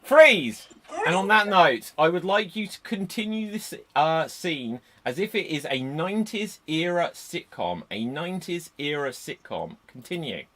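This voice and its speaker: Man, improv host, lively, bright, shouts scene changes, video call mic. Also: on the high side, moderate pace, few pauses. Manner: shouts "Freeze!" then gives loud, lively instructions. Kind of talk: calling scene changes in a live improv show. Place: home, streamed over a video call. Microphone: computer mic on a video call.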